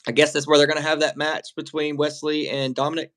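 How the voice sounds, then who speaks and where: Talking fast in a level, slightly high voice with a bit of brightness, this wrestling show co-host rambles through a casual reaction stream. He curses freely and laughs while speaking.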